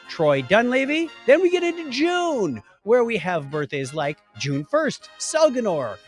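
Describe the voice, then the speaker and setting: A middle-aged man co-hosting a casual podcast, jokey and animated, with sudden loud exclamations. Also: high-pitched. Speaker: podcast co-host. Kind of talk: casual chat.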